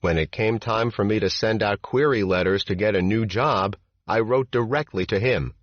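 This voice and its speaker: A low-voiced man reads a first-person memoir as an audiobook in a measured, steady way. The recording is dry, with no room sound, and slightly dull and muffled. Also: no echo. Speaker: audiobook narrator. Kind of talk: scripted first-person narration.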